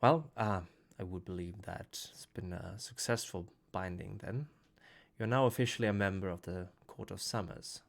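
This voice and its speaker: A man's voice: low-pitched, moderate pace, creaky. A man narrating as game master of a tabletop role-playing game, in a thoughtful, hesitant way.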